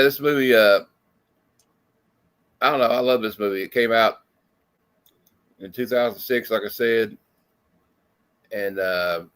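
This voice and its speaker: A man's voice: medium pitch, a bit bright. A man hosting a casual movie review chat from home over a video call, rambling with lots of fillers. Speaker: host. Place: home room with lights.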